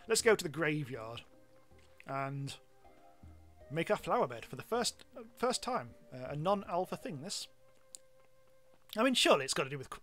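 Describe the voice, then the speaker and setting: A man's voice: a little high, a bit bright. A British man streaming a game live, chatting casually and rambling with self-mocking asides and frequent ums. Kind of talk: live gameplay commentary.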